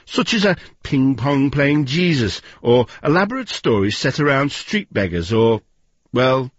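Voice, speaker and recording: A man presenting a radio documentary in a measured, wry scripted narration. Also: mid-range voice, very animated, dry recording, lo-fi sound.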